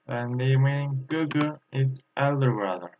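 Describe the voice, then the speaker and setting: A man from Turkey teaching a language lesson, speaking haltingly with many fillers and repeating each word several times. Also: mid-range voice. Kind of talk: slow whiteboard language lesson. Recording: tinny phone-like audio.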